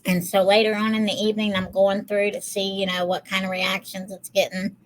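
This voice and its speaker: A woman's voice: medium pitch, little pitch movement, a little fast, low-quality recording. Self-mocking woman chatting casually. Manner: self-deprecating, laughs easily. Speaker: podcast co-host. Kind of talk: casual chat.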